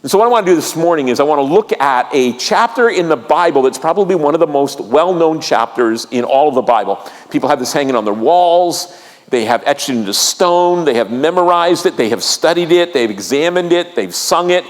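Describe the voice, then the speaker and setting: Male pastor, earnest sermon delivery, slightly high voice, church hall echo. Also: animated, a little fast. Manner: earnest, repeats key lines, asks the congregation questions. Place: church sanctuary.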